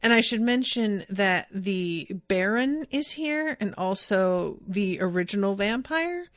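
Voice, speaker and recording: A woman's voice: medium pitch, animated, takes it slowly, fairly bright tone, dry recording, clean studio sound. A woman hosting a podcast, recapping a TV episode in casual chat, rambling and correcting herself as she quotes scenes. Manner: chatty, rambling, self-correcting, quoting scenes. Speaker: podcast host.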